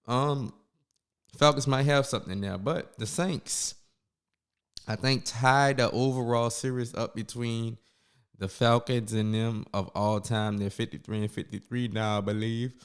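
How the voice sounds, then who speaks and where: A man's voice: medium pitch, fairly even intonation, unhurried, clear, resonant tone. A man hosting a casual sports recap, talking loosely and calling viewers y'all, with his speech slightly slurred from a numb mouth after the dentist. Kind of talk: casual solo sports commentary.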